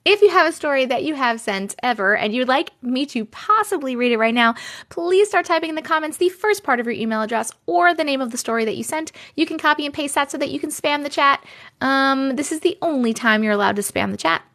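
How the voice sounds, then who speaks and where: High-voiced giggly woman with New York accent. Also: animated, a little fast, a bit bright. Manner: giggly, playful, chatty. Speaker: livestream host. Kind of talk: casual livestream chat.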